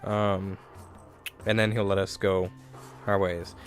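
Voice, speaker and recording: A man's voice: low-pitched, level tone, takes it slowly, soft background music. A young man giving casual let's play commentary into a desk microphone, rambling and correcting himself as he thinks aloud.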